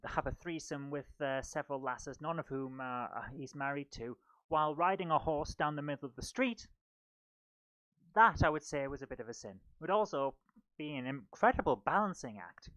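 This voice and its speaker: A woman's voice: sits low, animated, normal speed, no room sound. A woman doing a stand-up comedy routine in a comedy club, with sardonic, mocking asides.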